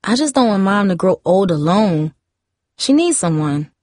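A woman reading a novel aloud, voicing a defensive, chatty fourteen-year-old girl with high, emphatic outbursts. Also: very animated, normal speed, a little mellow, no echo, clean studio sound. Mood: earnest.

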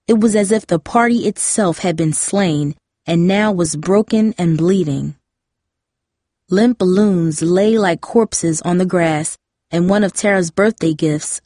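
A woman's voice: on the low side, mellow, no echo, studio quality. Woman narrating a dramatic audiobook. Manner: measured, dramatic reading.

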